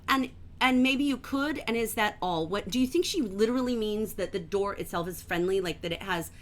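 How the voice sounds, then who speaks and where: A woman teaching a livestreamed literature class from home, enthusiastic and gently emphatic, reading passages aloud slowly. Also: on the high side.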